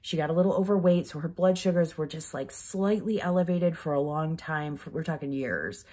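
A mother speaks in a candid personal vlog, her low, warm voice running a little fast. She rambles heartfeltly, using "like" over and over, and sounds emotional, close to tears.

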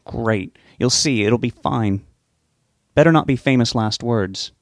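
A man's voice: medium pitch, unhurried, no echo, clean studio sound, close to an everyday voice. A man reading an audiobook, voicing an anxious, stubborn young man who talks in an earnest, pleading way. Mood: reassuring. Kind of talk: audiobook character voice.

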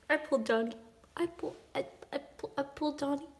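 A woman's voice: high-pitched, brisk. Gushing young woman, squealy and whispery. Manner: gushing, swings between squeals and hushed whispers. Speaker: album unboxing vlogger. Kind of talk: excited casual unboxing chatter.

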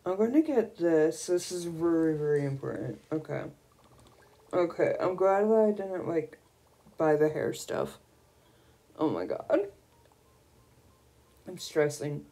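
A young woman streaming a video game, gushing and excitable as she squeals over new items. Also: lowish voice, a little slow. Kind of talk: casual gameplay commentary.

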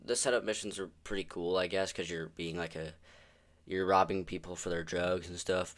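A man's voice: low-pitched, fairly bright tone. A young man giving casual, rambling commentary on video games, swearing often and sounding exasperated. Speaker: gaming video creator.

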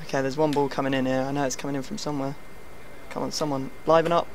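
A young man, teasing his opponent while commentating a football video game in a jokey, excitable way. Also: medium pitch, fast talker, heavy background noise. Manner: teasing, jokey, swings into loud excited shouts. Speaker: gaming channel host.

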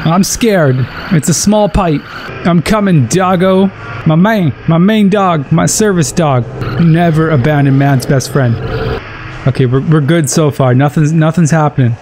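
A man's voice: fairly high pitch, unhurried, darkish tone, a little hiss or hum. A man commentating a horror game playthrough, frightened, exclaiming and swearing as he narrates each move. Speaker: gaming channel host. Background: game music.

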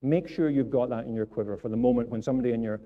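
A man's voice: medium pitch, rapid-fire, phone-quality sound. A man preaching a sermon in church, earnest and repeating phrases for emphasis. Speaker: pastor.

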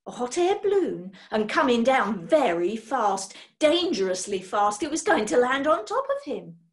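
A woman reading a children's book aloud, expressive, swinging between loud and hushed. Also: on the high side, moderate pace. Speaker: storyteller.

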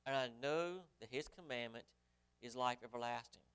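A man's voice: medium pitch, normal speed, a bit bright, clean tone. A male pastor preaching a sermon, reading scripture aloud and putting rhetorical questions to his congregation. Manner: reads scripture aloud in old-fashioned wording.

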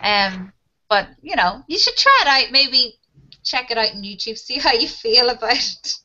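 A woman's voice: a little high, very animated, normal speed, sharp tone, lo-fi sound. A woman teaching an online English class, chatting casually and laughing as she talks about TV shows. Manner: chatty, laughs often, addresses students as guys.

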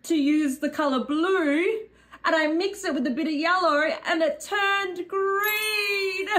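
A woman's voice: extremely high pitch, slow, a bit bright. A young adult woman hosting a preschool colour lesson, talking in an exaggerated, dramatic, sing-song way. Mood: upset. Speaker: children's educator host. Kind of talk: preschool educational video.

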